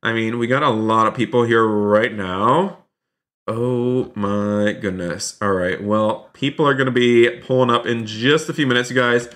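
A man's voice: medium pitch, normal speed, hardly any pauses, fairly bright tone. A man streaming a role-play game live, chatting to viewers and exclaiming often. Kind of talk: live gaming commentary.

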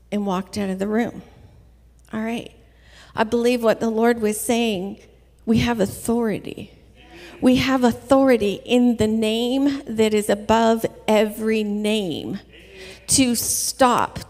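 A woman preaching a sermon in a church, telling her story in an earnest, measured way. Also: on the high side, darkish tone. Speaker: guest preacher. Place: church sanctuary. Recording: reverberant church hall.

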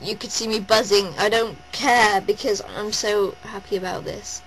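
A woman vlogging at home, gushing and rambling in a breathless, excited rush. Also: medium pitch, moderate pace, slight background noise, low-quality recording. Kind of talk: excited personal vlog. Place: at home indoors.

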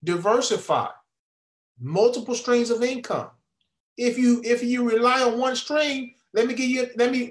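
Male income coach, high and unhurried, preachy and repetitive, echoey room. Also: fairly bright tone. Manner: preachy, repeats and restarts phrases, asks the viewer questions. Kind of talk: whiteboard pitch to camera.

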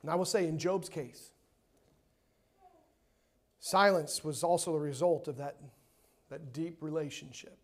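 A man preaching a sermon in a church, emphatic, swinging between loud and hushed and repeating words to stress his points. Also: a little high, fairly even intonation, a little slow, long pauses. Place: church sanctuary.

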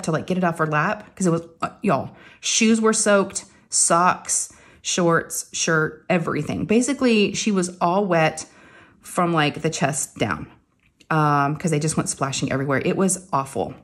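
A woman tells a family mishap as a casual story. Her voice sits a little low, and she slips into the quoted lines of each person with lively energy. She talks the way a crafting host chats to her regular viewers. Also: moderate pace. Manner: animated, acts out her own lines.

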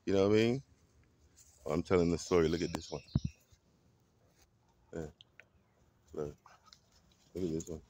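A man vlogging a casual, animated story that he retells dramatically and that is full of acted quotes. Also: deep voice, measured pace, long pauses, slight background noise.

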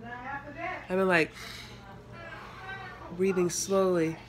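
A woman's voice: medium pitch, very animated, drawn-out words, background noise. A young woman vlogging casually at a family holiday gathering, coughing and congested, chatty and teasing as she talks to her viewers. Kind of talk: casual home vlog chat.

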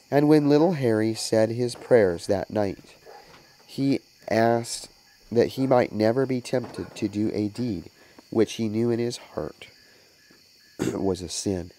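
Minister reading a children's moral story: low, unhurried, deliberate. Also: male voice, warm tone, slight background noise, low-quality recording.

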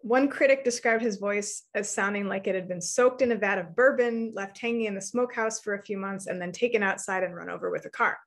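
A woman in her thirties giving an academic lecture, explaining research in a clear, measured way. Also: medium pitch.

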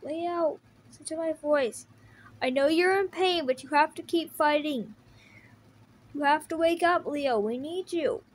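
A woman's voice: high-pitched, a little slow, slight background noise. Woman voicing Raph, a pleading turtle brother. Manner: pleading, earnest. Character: tough, emotional teenage male turtle brother. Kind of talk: fan audio drama voice acting.

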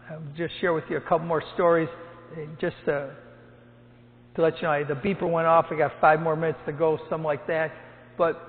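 A priest in his seventies, a hospital chaplain, telling jokey stories to his parish and acting out the quotes. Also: high-pitched. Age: 70s. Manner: storytelling, jokey, acts out quotes loudly. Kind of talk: humorous talk to a parish gathering. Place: church. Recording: tinny, with long hall echo.

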